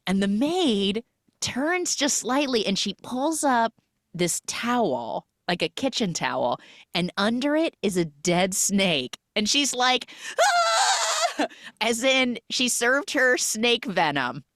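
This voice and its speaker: A woman recapping a film plot on a podcast in a casual, animated way, acting out characters and sound effects with lots of "like". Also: fairly high pitch, takes it slowly, dry recording, studio quality. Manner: animated retelling, acts out characters and sound effects, many "like" fillers.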